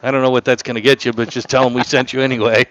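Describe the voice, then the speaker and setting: A man's voice: mid-range voice, level tone, fast talker, a bit bright, rough recording. A man hosting a casual on-location radio interview, joking and laughing, and losing his voice. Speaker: radio show host.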